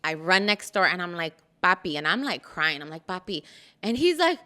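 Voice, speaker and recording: A woman's voice: fairly low pitch, big pitch swings, brisk, sharp tone. A woman being interviewed as a podcast guest, telling an emotional story candidly, with many fillers and some phrases in Spanish.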